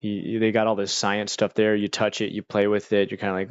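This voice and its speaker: Casual streamer, man, lowish voice, rambling filler-heavy storytelling, dull dry lo-fi sound. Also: monotone, brisk, dry recording. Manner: rambling, loose delivery with many fillers.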